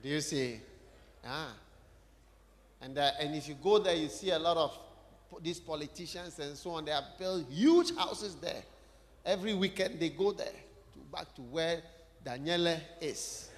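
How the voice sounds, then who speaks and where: A man's voice: fairly high pitch, lively intonation, moderate pace. A man preaching a sermon, talking conversationally and putting questions directly to the congregation in a church hall.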